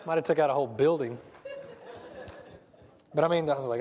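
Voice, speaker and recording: Fast-talking preacher in a hall. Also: male voice, mid-range voice, darkish tone. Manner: rambling, self-interrupting storyteller. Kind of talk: casual sermon. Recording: long hall reverb.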